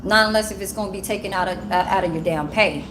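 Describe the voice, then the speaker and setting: A woman who works at a care home, telling a casual, animated story. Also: mid-range voice, fast, noisy background. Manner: gossipy, animated, swears and laughs while telling.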